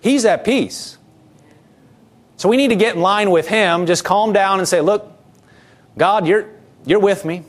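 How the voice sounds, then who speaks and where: A man's voice: high voice, measured pace, pauses often. A man pastor preaching a sermon in a conversational way, repeating key phrases and restarting sentences as he talks.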